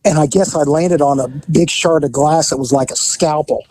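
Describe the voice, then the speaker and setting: A man hosting a podcast, telling a police story in a casual, animated, profane way and acting out the dialogue. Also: on the high side, moderate pace, no echo. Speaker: podcast host and former police officer.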